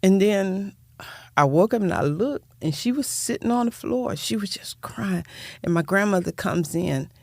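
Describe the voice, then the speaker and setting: An older woman tells her life story as an interview guest. Her voice is gravelly and creaky, and she talks in a heartfelt, rambling way, often repeating herself. The sound is close and dry. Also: medium pitch, expressive, normal speed, no echo. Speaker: guest, nonprofit founder.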